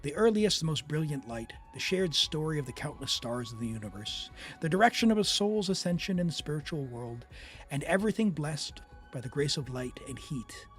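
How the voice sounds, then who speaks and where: A solemn, measured narrator intoning lofty lore, as a man puts on his narration voice. The delivery is slow and weighty, with the pitch rising and falling widely over each phrase. Faint music plays underneath. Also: big pitch swings. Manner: slow, measured, dramatic recitation. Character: solemn male narrator reading grand lore. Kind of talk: dramatic read-aloud of game text.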